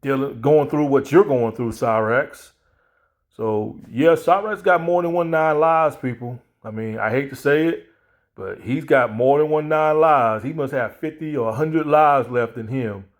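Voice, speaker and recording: A man rambles bluntly in a casual commentary vlog, circling back over the same points. He is mocking in tone and laughs at his own jokes. His voice sits at an average pitch for a man. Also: measured pace. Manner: blunt, rambling, repeats himself.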